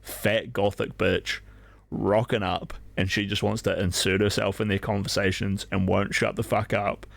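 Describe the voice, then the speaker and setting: A man's voice: lowish voice, flat delivery, normal speed, gravelly, dry recording. A young man streaming live who tells a story casually, rambling with constant fillers and swearing freely. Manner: rambling, filler-heavy, profane.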